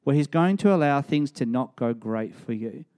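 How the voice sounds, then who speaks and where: Brief: a male preacher in mid-sermon, emphatic and lively. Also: medium pitch, normal speed. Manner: emphatic, rising to animated storytelling.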